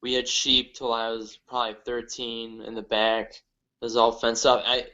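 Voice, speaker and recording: A young man from northern Ohio with a Midwestern accent talks as a podcast guest. His stories come out halting and hesitant. The recording sounds slightly dull. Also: mid-range voice, completely flat delivery, sharp tone. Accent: Midwestern American. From northern Ohio, USA. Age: young adult. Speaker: guest comedian. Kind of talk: casual interview chat.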